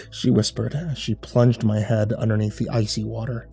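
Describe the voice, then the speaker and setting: Brief: a male horror storyteller with a dark, relaxed tone, steady grim reading over soft music. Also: fairly low pitch, normal speed, vocal fry, hardly any pauses, husky. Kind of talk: scripted horror narration.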